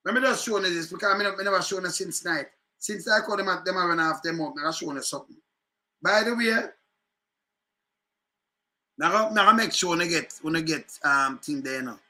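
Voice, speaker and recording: Animated high-pitched Jamaican man. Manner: animated patois commentary, repeats phrases. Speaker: political commentator. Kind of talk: casual commentary on news clips.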